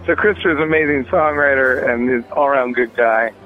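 A man's voice: medium pitch, quick pace. A man talking casually about his music as an interview guest, rambling with many fillers and restarts. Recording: tinny phone line.

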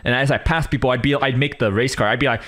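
A man's voice: mid-range voice, fast talker. A man streaming, chatting casually and rambling through stories with lots of energy. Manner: animated, rambling storyteller. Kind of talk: casual chat.

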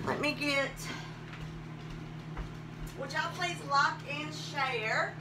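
A woman's voice: high voice, very slow, pauses often, very noisy. A woman hosting a chatty live cooking stream, greeting viewers by name and laughing often in a folksy way.

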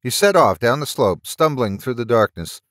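A man narrating a horror story at a steady, measured pace, close to the mic. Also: mid-range voice, no echo. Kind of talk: audiobook reading of a story.

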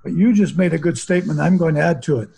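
A man's voice: fairly high pitch, fast talker, creaky, warm tone, breathy edge, poor audio. An older man, a hypnotherapist guest, talking in a philosophical, rambling conversational way. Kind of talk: casual conversation.

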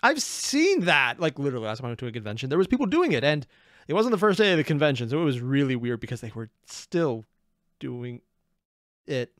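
A man reacting to a video in casual commentary, rambling and giggly, over-caffeinated and jumping into high squeaks. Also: expressive, quick pace, no room sound, clean studio sound. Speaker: reaction streamer.

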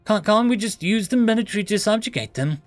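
A man's voice: high voice, expressive, a little fast, no room sound, faint music behind, voice pushed up. A man voicing a nervous young male alien spawn who stammers and speaks tentatively.

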